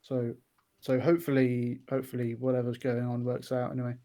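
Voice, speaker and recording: A man's voice: medium pitch, monotone, a little fast, warm tone. A man guesting on a podcast, chatting casually with frequent ums and restarts. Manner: hesitant, many ums and restarts.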